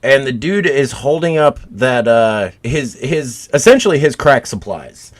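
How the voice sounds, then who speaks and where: A middle-aged man spins a rowdy, swear-heavy story on a comedy podcast, his voice sitting at an ordinary middle pitch. He talks loosely and casually with his co-host, building up the story as he goes. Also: expressive, a little slow. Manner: crude, profane storytelling.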